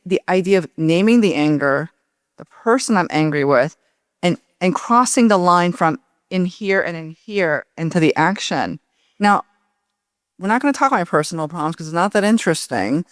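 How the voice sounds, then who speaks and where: A woman author in a public onstage conversation, talking in an animated, personal storytelling way. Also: fairly low pitch, no echo, clean studio sound. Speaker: author, guest. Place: indoor event stage.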